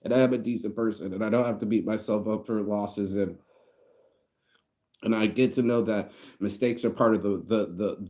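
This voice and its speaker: His voice lowish and warm, this American man is on the verge of tears as he vlogs. The monologue is casual and reflective, heartfelt, rambling, and profane.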